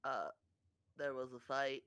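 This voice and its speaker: A man voicing a gentle, affectionate male jelly creature who stammers and frets in a tabletop role-play. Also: medium pitch, slow pace, dry recording. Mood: fretful.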